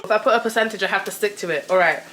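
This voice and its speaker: A woman's voice: medium pitch, racing. Playful, giggly young woman vlogging. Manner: playful, giggly, self-amused. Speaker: lifestyle vlogger. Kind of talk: casual vlog chat to camera. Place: city garden and indoors. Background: music playing.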